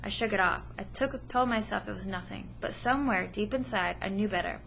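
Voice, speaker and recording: A woman's voice: medium pitch, brisk, gravelly, a bit bright, dull audio, a little hiss or hum. A woman teacher reading a story aloud with expression and stopping to ask her listeners questions. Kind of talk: read-aloud lesson with comprehension questions.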